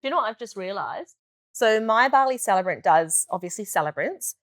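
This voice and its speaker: A woman hosts a relaxed podcast chat, upbeat and quick to laugh while she puts questions to her guests. Her voice sits at a plain middle pitch. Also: dry recording. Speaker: podcast host.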